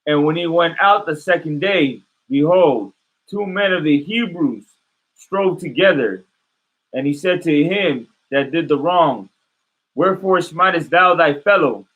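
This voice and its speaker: A man reading scripture aloud at a steady, measured pace during a sermon. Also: on the high side, phone-quality sound. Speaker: scripture reader.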